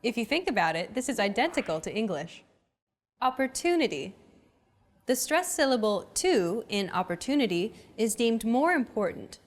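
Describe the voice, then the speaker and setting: A woman presents a language lesson in a scripted, explanatory way. Her pitch sits a touch high and moves a lot, bouncing up and down as she teaches. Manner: clear, explanatory teaching delivery.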